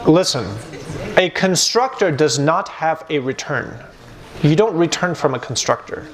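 A man teaching a university computer science class, talking lively and joking with his students. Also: a little high, measured pace. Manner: lively, switches between English and Armenian, jokes with students. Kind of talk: live classroom lecture. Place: university lecture hall. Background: students in the room.

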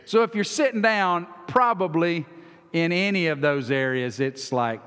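A man preaching a sermon as pastor, folksy, acting out quoted voices and swinging from loud to soft. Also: sits high, very animated, moderate pace. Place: church sanctuary. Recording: long hall reverb.

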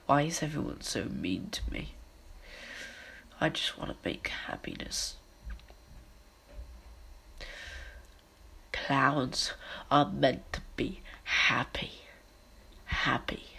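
A woman's voice: extremely low pitch, huge pitch swings, unhurried, gravelly, long pauses, fairly bright tone, husky, voice pushed down, exaggerated voice. A woman playing a downtrodden male street clown who stammers apologies in an amateur fan film. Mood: sorrowful. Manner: apologetic, stammering, breaks into laughter.

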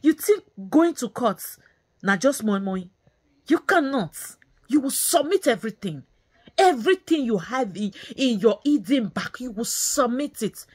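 A woman's voice: on the high side, lively intonation, unhurried, darkish tone, breathy edge. A woman vlogger ranting angrily, scolding in repeated phrases and slipping into Pidgin. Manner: scolding, repetitive, mixes in Nigerian Pidgin. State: angry and bitter. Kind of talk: angry ranting commentary.

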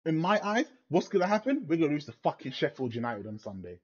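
A man's voice: on the high side, very animated, quick pace, husky, dull audio. A young man in a furious, swear-filled rant after a football match, repeating himself in disbelief. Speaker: football fan vlogger. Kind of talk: angry post-match rant.

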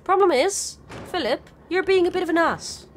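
A woman's voice: extremely high pitch, moderate pace, a little hiss or hum. A woman streaming a video game live, swearing freely while talking to her chat and the characters on screen. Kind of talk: live gameplay commentary.

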